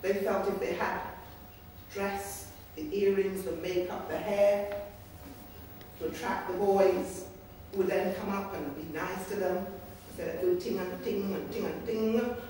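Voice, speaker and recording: A woman's voice: medium pitch, unhurried. A woman giving a storytelling speech as a campaign speaker, acting out the voices of the people in her stories. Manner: lively storyteller who acts out voices. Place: large meeting room in Parliament. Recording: echoey hall from far off, faint hiss.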